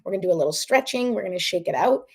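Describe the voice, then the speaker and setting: A woman's voice: medium pitch, lively intonation, racing. Chatty woman hosting a livestream. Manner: chatty, encouraging, checks in with viewers. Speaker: host. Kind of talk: casual livestream talk and guided breathing.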